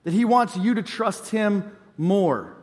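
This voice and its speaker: A man's voice: sits high, lively intonation, takes it slowly, darkish tone, big-room sound. A male pastor in his thirties preaching a sermon in a conversational, storytelling way, mixing in self-deprecating humor.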